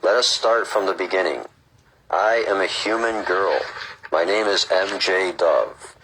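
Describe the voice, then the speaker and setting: A man's voice: low voice, measured pace, noisy background, pitched above the performer's own voice. A man reading aloud as a young human girl who is polite and curious. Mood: friendly.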